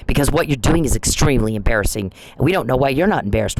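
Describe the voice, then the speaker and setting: A man's voice: medium pitch, lively intonation, racing, low-quality recording. A man vlogging, speaking in a confrontational, accusing way straight to someone he blames. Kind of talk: monologue video addressing an absent person.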